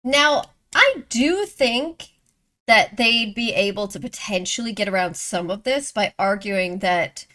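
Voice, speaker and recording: A woman's voice: medium pitch, expressive, unhurried, pushed and bright. A woman hosting a movie reaction, chatting and exclaiming as she thinks aloud. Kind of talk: casual reaction commentary.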